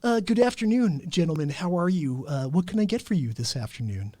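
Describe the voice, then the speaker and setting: A man's voice: fairly high pitch, very animated, a little fast, warm tone, dry recording. A man voicing a polite, formal young male coffee-shop barista.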